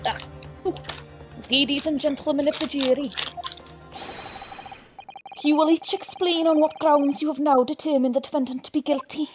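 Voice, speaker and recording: A woman's voice: sits high, fairly even intonation, moderate pace, pauses often, music in the background. A woman streaming a game with friends, voicing a judge's lines and often laughing. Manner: giggly, breaks into laughter. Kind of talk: casual let's-play chat with voiced game lines.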